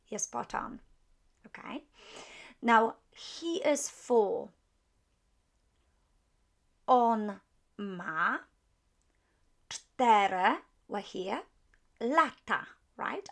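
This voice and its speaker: A woman teaching a beginner language lesson, explaining step by step with many pauses and patient repetition. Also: a little high, expressive, gravelly. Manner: apologetic when correcting herself.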